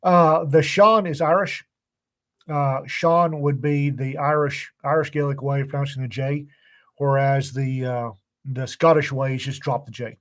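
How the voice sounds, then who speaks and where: A man's voice: medium pitch, steady tone, measured pace, a bit bright. An older man co-hosting a casual podcast, grumpy and hesitant, dropping offhand swear words between ums. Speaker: podcast co-host. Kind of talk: casual chat.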